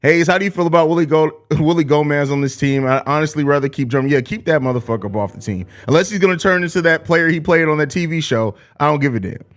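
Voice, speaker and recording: A man's voice: a little high, fast talker, few pauses. A young man hosting a live sports podcast, reading viewer comments and joking in loose, profane slang. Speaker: podcast host.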